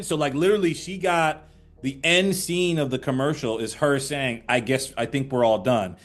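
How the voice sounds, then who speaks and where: An older man is a guest on a casual interview. He tells animated anecdotes at a mid pitch and acts out the voices of the people in his stories. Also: a little fast, soft background music. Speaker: actor guest.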